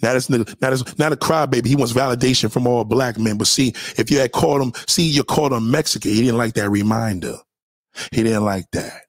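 A man giving heated, profane reaction commentary on a clip, mocking and now and then breaking into sudden loud outbursts. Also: mid-range voice, fast talker, few pauses, no echo.

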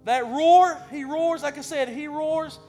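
A man preaching a sermon with passion, swinging between loud bursts and quiet lines, often repeating words as he goes. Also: extremely high pitch, measured pace, faint music behind. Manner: impassioned, rising and falling in loudness; repeats words when stumbling.

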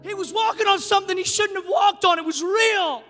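A middle-aged man, a pastor preaching a sermon in an animated way, moving from quiet storytelling to shouting. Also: extremely high pitch, fairly quick, big-room sound, soft background music.

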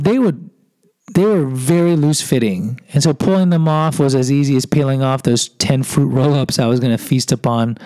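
A man's voice: medium pitch, mellow, dry recording, low-quality recording. A man from Houston, a podcast host, telling a personal story in a self-deprecating way and acting out what people said. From Houston, Texas. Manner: self-deprecating, acts out quoted voices.

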